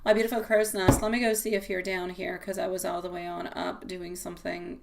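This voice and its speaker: A woman's voice: lowish voice, little pitch movement, a little fast, vocal fry, slight background noise. A woman reading tarot on a live stream, chatting with viewers and calling them sweetie and my love, rambling and repeating herself. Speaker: tarot reader.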